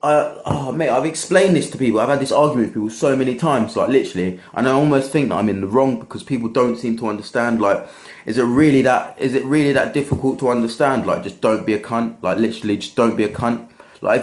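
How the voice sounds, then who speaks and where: A man's voice: mid-range voice, fast talker, reverberant. A young man ranting bluntly and with a lot of swearing about his work in event security. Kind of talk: ranting vlog monologue.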